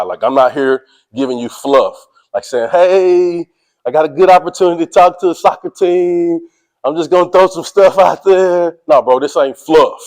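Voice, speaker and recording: A man giving a motivational speech to a sports team, energetic and preachy, speaking in casual slang and calling out to his listeners. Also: medium pitch, rough recording. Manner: casual slang, drawls "y'all".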